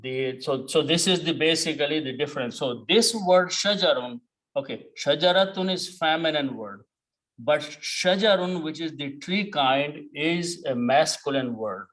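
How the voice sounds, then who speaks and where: A man teaching a Quran lesson, explaining words step by step, repeating key terms and pausing on "okay". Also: fairly high pitch, animated, fairly bright tone, poor audio.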